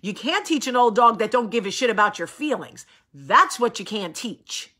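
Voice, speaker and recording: A woman's voice: on the high side, expressive, moderate pace, sharp tone. A woman host in her thirties, coming down with a cold, talking bluntly and acting out quoted voices in casual chat.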